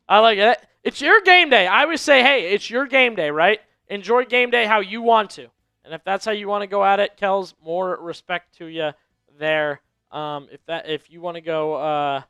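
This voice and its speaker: A man's voice: high-pitched, bright, forceful tone, clear, resonant tone, no echo. A man hosting a live sports stream, giving casual pregame commentary and talking straight to his viewers, often repeating phrases for emphasis. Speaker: livestream sports show host.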